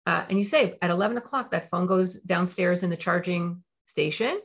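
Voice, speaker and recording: A woman's voice: fairly low pitch, moderate pace, gravelly, breathy edge. A woman parenting coach who explains a technique and repeats her points for stress.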